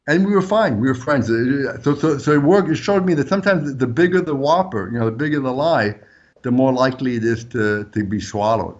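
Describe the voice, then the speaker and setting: A man whose first language is French, a former undercover agent telling lively anecdotes as an interview guest. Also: fairly quick, muffled recording. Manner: animated anecdotes, pitch jumps up when quoting. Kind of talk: storytelling interview answers.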